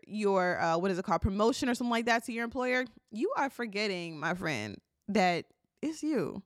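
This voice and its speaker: A woman's voice: medium pitch, fairly bright tone, dry recording, studio quality. Encouraging woman podcaster, cracking voice. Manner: encouraging, repeats "okay?" to the listener. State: voice keeps cracking. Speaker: podcast host. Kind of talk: motivational solo podcast talk.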